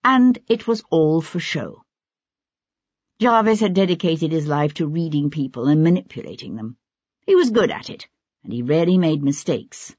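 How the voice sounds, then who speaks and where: An audiobook narrator reading a novel in measured, even scripted narration. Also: mid-range voice, dry recording. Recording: dull lo-fi audiobook recording.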